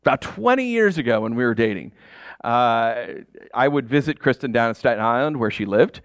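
A man in his thirties from upstate New York preaching a sermon, telling personal stories with lively, acted-out reactions. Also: mid-range voice, a little fast, dry recording. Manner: animated storytelling, acts out shouted reactions. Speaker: pastor.

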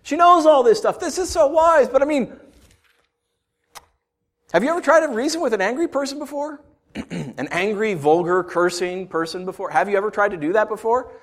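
A man preaching a sermon, telling stories with sudden shouted bursts and rhetorical questions to the congregation. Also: sits high, animated, moderate pace, long pauses. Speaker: pastor.

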